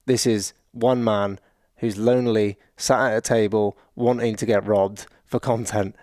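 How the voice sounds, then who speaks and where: A man's voice: on the low side, fairly even intonation, darkish tone, dry recording, clean studio sound. A young man, a video creator, chatting and joking about how his video was made. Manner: chatty, jokey, quick asides. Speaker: creator and presenter. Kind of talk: casual breakdown chat.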